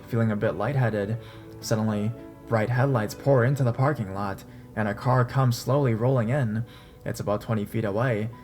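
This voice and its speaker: A man narrating a true horror story in a steady, casual storytelling manner. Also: fairly low pitch. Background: faint dark background music.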